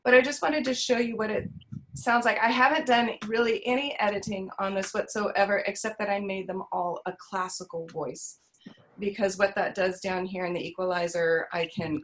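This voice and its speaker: A woman's voice: medium pitch, slight background noise, poor audio. A choir director with a Californian accent explains her teaching on a video call. She talks in a thoughtful way, with many ums and restarts.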